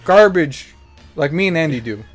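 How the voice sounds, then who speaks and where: A man hosting a podcast, telling stories in a profane, animated way and acting out the people he quotes. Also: fairly high pitch, normal speed, soft background music. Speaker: podcast host. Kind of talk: casual storytelling.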